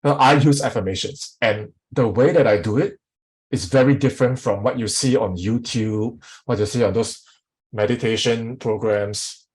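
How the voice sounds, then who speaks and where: A man as a sales coach teaching a live online workshop, energetic and often putting questions to the audience. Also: medium pitch, moderate pace, slightly rough, rough recording.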